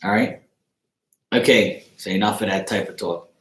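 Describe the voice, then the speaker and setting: A man's voice: fairly low pitch, fairly even intonation, moderate pace, a bit bright, echoey room. A man giving a casual tarot reading on a livestream, rambling loosely, swearing now and then and breaking off to greet viewers. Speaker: tarot reader.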